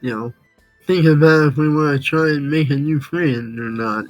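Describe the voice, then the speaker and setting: A male player in a tabletop role-play, with a somewhat high voice. He speaks haltingly with hesitant starts. The sound is dry and close, with faint music underneath. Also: steady tone, no room sound.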